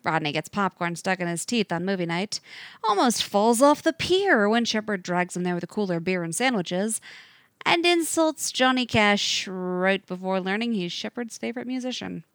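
Woman storyteller, lively pitch, very dry close sound, middle voice. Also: normal speed, no echo. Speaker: narrator. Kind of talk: scripted story narration.

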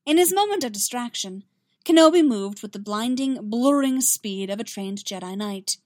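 A woman narrating a science fiction story in a steady, expressive reading. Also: on the high side, normal speed, no room sound, clean studio sound. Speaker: reader. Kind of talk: fan fiction audiobook narration.

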